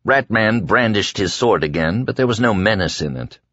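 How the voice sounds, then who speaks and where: A man reading an audiobook in measured scripted narration, quietly voicing the dialogue as he goes. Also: lowish voice, expressive, dry recording, highs cut off.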